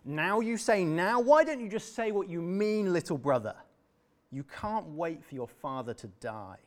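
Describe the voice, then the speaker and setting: Man playing cocky older brother, sarcastic, sneering, high and loud. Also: sing-song, unhurried. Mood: furious.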